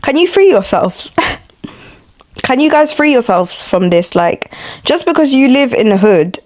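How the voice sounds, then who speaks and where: A young woman from East London with an East London accent, ranting casually to her viewers in a tired, laid-back but blunt and sweary way, now and then mimicking others in a high mocking voice. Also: big pitch swings, measured pace. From East London, England. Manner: blunt, sweary and confrontational, addressing viewers directly. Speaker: content creator. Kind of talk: casual vlog rant.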